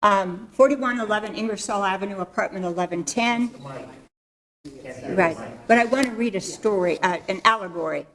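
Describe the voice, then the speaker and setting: A woman, a teacher, giving public comment at a council podium, reading a story aloud in a loud, earnest teacher voice. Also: mid-range voice, normal speed. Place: city council chamber.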